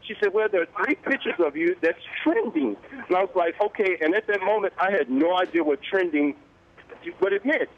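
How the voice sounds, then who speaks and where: A man in his fifties with a fairly high voice tells a story to a talk show host, acting out each person's lines. He sounds lively and chatty. The broadcast audio is a little dull and muffled. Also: brisk. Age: 50s. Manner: animated, acts out quoted dialogue. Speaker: morning show guest. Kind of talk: casual interview storytelling.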